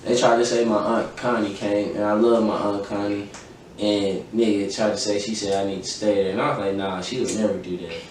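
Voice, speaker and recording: This young adult podcast host has a lowish, brisk voice with little rise and fall. He tells a personal story in casual, heavily profane chat, emphatic throughout and voicing the dialogue as he recounts events. The room is very echoey, the mic distant, with faint noise.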